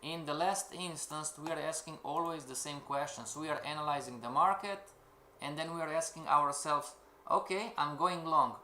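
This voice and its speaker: A man delivers a live-streamed trading lesson in slow, deliberate English that is not his first language. His voice is bright and fairly high, and he peppers the class with rhetorical questions. The room is echoey, with faint keyboard typing behind him. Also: slight background noise. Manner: asks rhetorical questions, keeps calling out "everybody". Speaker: trading course instructor.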